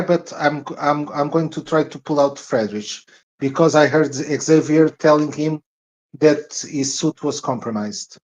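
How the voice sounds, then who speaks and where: A man playing a tabletop game, halting with many restarts as he declares his character's actions. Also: fairly high pitch. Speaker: player.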